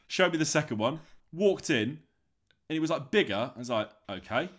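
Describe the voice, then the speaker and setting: A man's voice: medium pitch, brisk. A man co-hosting a podcast over a remote call, telling a long anecdote in a casual way and acting out the other people's voices. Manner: animated, acts out voices in his anecdotes. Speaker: podcast co-host. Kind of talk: casual storytelling chat.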